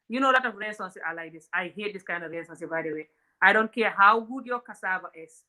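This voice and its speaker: A woman's voice: medium pitch, quick pace, sharp tone. A woman from Africa hosting a comedic relationship talk, blunt and outspoken, often laughing. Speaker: host.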